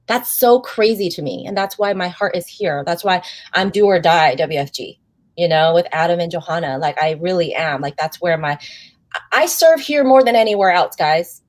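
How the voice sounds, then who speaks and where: A woman's voice: fairly low pitch, lively intonation, moderate pace, no room sound. A woman hosting an interview show, talking with effusive, gushing enthusiasm and calling the audience "guys.". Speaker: host.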